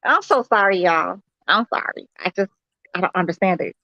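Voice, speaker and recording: A woman's voice: fairly low pitch, expressive, normal speed, dry recording, dull audio. A woman from Chicago hosting a casual online chat, joking and laughing at herself. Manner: joking, laughing, self-mocking.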